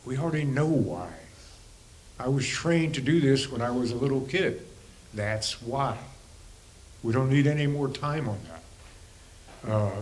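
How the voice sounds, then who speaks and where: A man gives a reflective spiritual talk to a congregation at an ordinary pitch for a man. He muses aloud, throws in rhetorical questions and chuckles now and then. A faint hum of room ambience sits underneath. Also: low-quality recording. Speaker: spiritual teacher and counselor.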